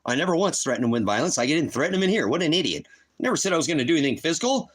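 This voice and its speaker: A man's voice: fairly high pitch, very animated, racing, slightly rough. A man hosting a livestream, ranting in a heated, profane, accusing way. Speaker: livestream host. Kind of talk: angry livestream rant.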